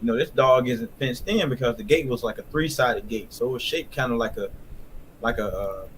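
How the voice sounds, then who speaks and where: A man recounting a childhood memory in a plain, halting way, with many fillers. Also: mid-range voice, slight background noise. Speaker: guest. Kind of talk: casual storytelling.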